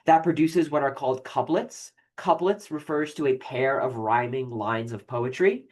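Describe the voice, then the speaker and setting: A professor giving a recorded literature lecture, explaining with frequent fillers and restarts and reading poetry aloud slowly. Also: medium pitch, steady tone, a little mellow.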